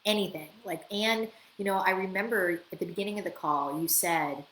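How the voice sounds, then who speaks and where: A woman hosting a live coaching Q&A, chatty and lively, acting out bits of client dialogue as she answers questions. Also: mid-range voice, moderate pace. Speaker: business coach and show host. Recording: echoey room with faint ambient noise.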